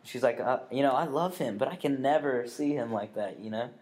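Young male co-host, rambling storyteller, cursing, middle pitch. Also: fairly quick, darkish tone. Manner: rambling, swears often, many fillers and restarts. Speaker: podcast co-host. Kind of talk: casual storytelling chat.

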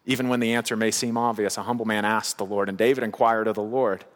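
A man's voice: on the low side, steady tone, fast talker, big-room sound. A male pastor preaching a sermon with an emphatic, repetitive cadence.

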